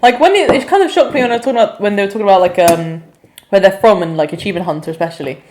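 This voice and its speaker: A woman's voice: mid-range voice, lively intonation, rapid-fire, a little mellow, a little hiss or hum. A young woman co-hosting a casual podcast chat, rambling along with lots of "like" fillers. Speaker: podcast co-host.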